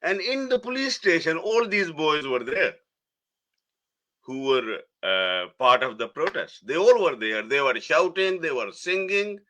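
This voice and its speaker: A middle-aged man, a guest telling a personal story in a halting way, restarting phrases. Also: on the high side, big pitch swings. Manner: halting, restarts phrases, soft laughs between words.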